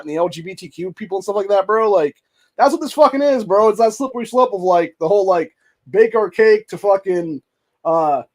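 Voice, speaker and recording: A man hosting a political commentary show, reacting to clips with a profane, contemptuous rant. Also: high-pitched. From United States. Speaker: host.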